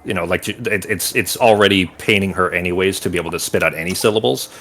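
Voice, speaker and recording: A man's voice: low-pitched, fast talker, fairly bright tone. A man running a tabletop game as game master, rambling and searching for words while he describes scenes in vivid detail.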